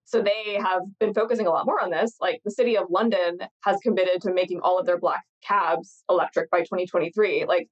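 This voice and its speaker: A woman's voice: lowish voice, fairly even intonation, fairly quick, few pauses. Tired, chatty woman podcast host. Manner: chatty, rambling, laughs often. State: tired, jet-lagged. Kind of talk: casual chat. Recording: slightly dull lo-fi sound.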